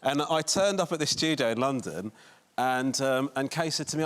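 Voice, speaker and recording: A man's voice: medium pitch, normal speed. A man telling a comic anecdote as a talk show guest, rambling and self-deprecating.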